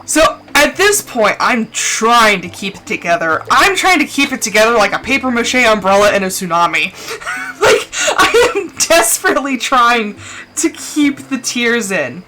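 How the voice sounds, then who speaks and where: A woman's voice: fairly high pitch, sing-song, normal speed, music in the background, low-quality recording. A young woman streamer tells a personal story on a live stream, talking casually and crying as she goes. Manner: emotional, tearful storytelling. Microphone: desk mic, no camera.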